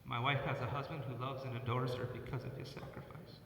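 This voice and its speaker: A middle-aged man, a church worship leader, giving a personal eulogy for his father, pausing and repeating words as he tells stories. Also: mid-range voice, fairly even intonation, a bit bright, slight background noise. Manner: halting, often repeats words; personal storytelling. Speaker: eulogist, son of the deceased. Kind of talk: funeral eulogy. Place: church sanctuary. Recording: echoey church hall from far off.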